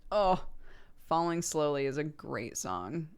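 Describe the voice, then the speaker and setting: Animated young woman chatting casually. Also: slow, clear, resonant tone. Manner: chatty, animated, laughs often, pitch jumps when excited. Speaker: streamer. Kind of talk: casual chat with viewers.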